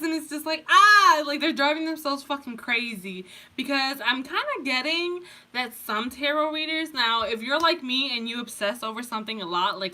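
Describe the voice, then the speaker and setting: Woman tarot reader, loose and profane, laughs easily; bright, slightly high voice. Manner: rambling, profane, laughs often. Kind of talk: casual pick-a-card tarot reading.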